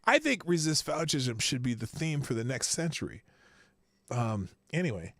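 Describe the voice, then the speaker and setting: Middle-aged guy rambling on his livestream, gravelly voice, dry close sound, swears casually. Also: medium pitch, very animated, normal speed, a bit bright, dry recording. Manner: rambling and loose, swears offhandedly. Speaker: livestream show host. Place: small home streaming studio.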